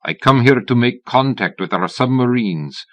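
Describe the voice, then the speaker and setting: A man's voice: medium pitch, expressive, moderate pace, a bit bright, dry recording, pitched above the performer's own voice, natural voice. A male narrator voicing a man who jokes in a hammy mock Russian accent, playfully conspiratorial. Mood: joking.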